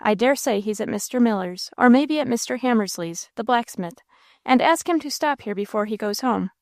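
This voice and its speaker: A woman's voice: a little high, expressive, normal speed, no echo, studio quality. A woman reading the part of a stout, practical country landlady who speaks in a folksy rural dialect. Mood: brisk.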